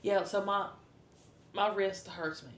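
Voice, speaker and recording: A woman's voice: steady tone, takes it slowly. Woman cohost chatting casually, roomy echo on the mic. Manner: chatty, storytelling with laughs. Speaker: podcast co-host. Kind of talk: casual chat. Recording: echoey room, faint rumble.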